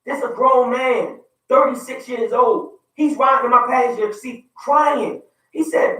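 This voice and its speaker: A man's voice: very high-pitched, measured pace, few pauses, bright, forceful tone, reverberant, recorded from a distance, rough recording. A man with a Baltimore accent co-hosting a radio talk show, speaking passionately and building to emphatic points like a preacher. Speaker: radio show co-host and youth mentor.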